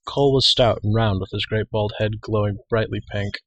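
A man reading a fantasy novel aloud in a steady, measured way. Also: on the low side, no echo, low-quality recording. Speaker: reader. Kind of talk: audiobook reading.

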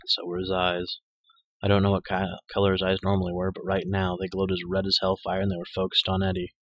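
A man narrating a dark urban fantasy audiobook in the first person, with dramatic, measured storytelling. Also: low-pitched, monotone, no echo, lo-fi sound.

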